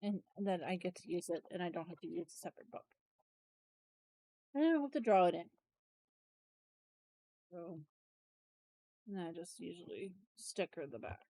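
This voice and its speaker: A woman's voice: on the low side, lively intonation, moderate pace, pauses often, dark tone, dry recording. A woman chatting casually through a planner walkthrough, tired and yawning, rambling and trailing off with self-corrections. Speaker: planner vlogger.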